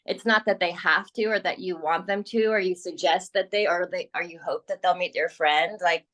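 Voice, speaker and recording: Energetic woman coaching her team. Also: on the low side, moderate pace. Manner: energetic, persuasive, acts out quoted clients. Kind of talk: coaching on a team video call.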